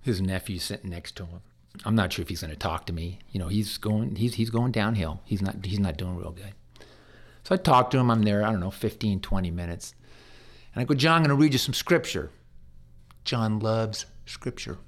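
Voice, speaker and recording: A man's voice: on the low side, fairly quick. A man who works as a hospice chaplain, telling stories in an interview in an earnest way, often stumbling and repeating his words. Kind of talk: conversational interview storytelling.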